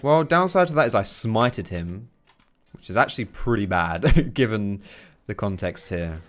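A man's voice: fairly low pitch, animated, unhurried, a bit bright. A man giving casual commentary while playing a video game, chatty, swearing and chuckling often. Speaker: gaming video creator.

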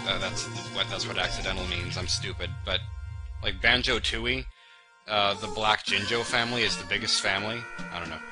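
A man's voice: fairly low pitch, normal speed, music in the background. Rambling, self-mocking young male gamer. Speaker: let's play host. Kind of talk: casual gameplay commentary.

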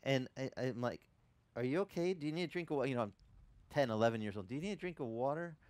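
Guy pastor preaching, chatty storytelling that gets loud and high when he's fired up, dry close sound. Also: animated, fast talker, no room sound. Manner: conversational storytelling, rising in pitch and volume when impassioned. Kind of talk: sermon. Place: church ministry in Hawaii.

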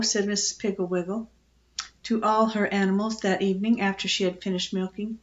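An older woman, a grandmother storyteller, reading a children's book aloud in a gently expressive way. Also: mid-range voice, brisk, muffled recording.

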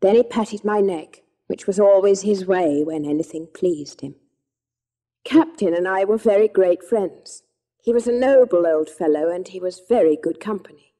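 A woman reads a classic storybook aloud in a measured, gentle manner. Her voice is mellow and dark in tone, set in the middle of her range. The reading is steady and unhurried. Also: mid-range voice. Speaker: audiobook narrator. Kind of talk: scripted storybook narration.

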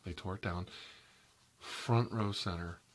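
A man voicing a chatty, oversharing interior decorator in a whispered role-play, rambling and gossiping with sudden high squeals and soft asides. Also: fairly even intonation, slow, slight background noise. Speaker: ASMR role-play creator.

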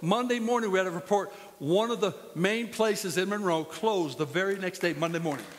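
High-voiced pastor preaching in a reverberant hall. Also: male voice, fairly quick, crowd noise, noisy background. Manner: impassioned preaching with storytelling. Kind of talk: sermon. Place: church sanctuary.

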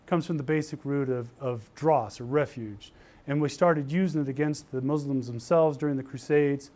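An older man from Utah giving an animated university lecture, telling stories and acting out the voices of the people in them. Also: mid-range voice, normal speed. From Utah, USA. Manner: lively storytelling, acts out quoted voices. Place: lecture hall.

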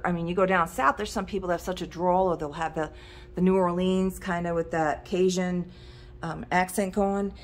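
A middle-aged woman touring an antique shop, chatting casually and rambling into asides between prices. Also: fairly low pitch. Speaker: antique shop owner giving a tour. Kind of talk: casual walkthrough vlog.

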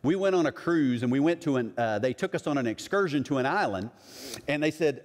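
A man's voice: medium pitch, expressive, fairly quick, big-room sound. A middle-aged man preaching a sermon as a pastor, conversational and acting out other people's voices in his stories.

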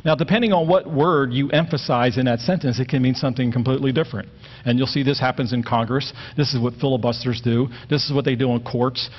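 A man giving a relaxed Bible lesson, mid-range voice, plain and direct, dull lo-fi recording. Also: medium pitch, fast talker. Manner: plain-spoken, stresses words to make points. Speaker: Bible teacher. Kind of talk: conversational Bible teaching.

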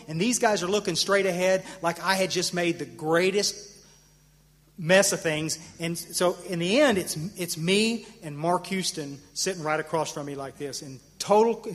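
A middle-aged man with a fairly high voice, telling a long personal story to a convention crowd. He stammers through restarts, jumps up sharply for the punchlines and sinks low for the quiet moments. The voice is caught with a long hall reverb. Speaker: AA convention speaker. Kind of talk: personal recovery story told to an audience.

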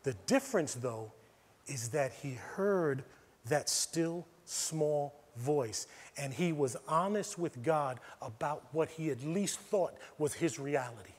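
A man's voice: fairly high pitch, lively intonation, slow, slightly rough. A man with an American accent, a pastor preaching a sermon, moving from near-whispers to emphatic preaching. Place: church sanctuary. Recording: long church hall reverb.

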